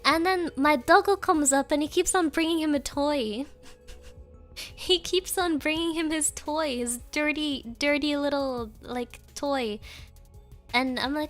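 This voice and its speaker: A woman's voice: high voice, lively intonation, unhurried, fairly bright tone, faint music behind. A woman streamer chatting casually with viewers, telling rambling stories with frequent giggles and Japanese filler words.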